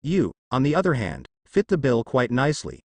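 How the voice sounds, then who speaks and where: A man reading a fanfic aloud, voicing a calm, menacing young male demon ninja who talks dryly and pleasantly. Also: medium pitch, moderate pace, dry recording. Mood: cool. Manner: dry, pleasant, quietly threatening.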